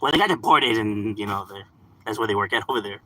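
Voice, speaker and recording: A man's voice: lowish voice, fast, pushed and bright, rough recording. A young man chatting casually on a live stream, slangy and laughing often. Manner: laid-back slang, mixes in Spanish words, laughs often.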